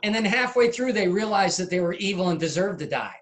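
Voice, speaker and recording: A middle-aged man being interviewed over a video call, telling stories in an animated way, acting out scenes and laughing at his own anecdotes. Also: high voice, fast. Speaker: guest, comedy video maker. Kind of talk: casual interview.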